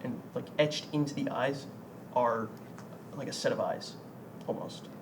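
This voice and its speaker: A young man narrating as game master, halting with many fillers and quick to laugh. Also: mid-range voice. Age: young adult. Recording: distant mic with background noise.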